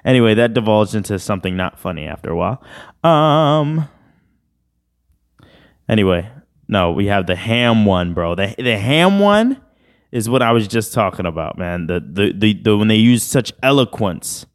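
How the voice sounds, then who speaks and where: A man's voice: on the low side, very animated, moderate pace. A man hosting a podcast in a casual, rambling, slangy chat. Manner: rambling, laid-back, slangy. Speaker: podcast host.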